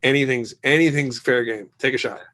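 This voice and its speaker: A man's voice: mid-range voice, a little fast. A middle-aged man, a guest musician in a casual interview, telling stories and acting out the voices of the people in them. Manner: lively storyteller who acts out quoted exchanges.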